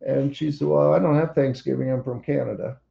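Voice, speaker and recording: A man's voice: medium pitch, steady tone, brisk, gravelly, mellow, highs cut off. An older man wryly telling his daughter a personal story over a computer call. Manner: wry, plainspoken storytelling.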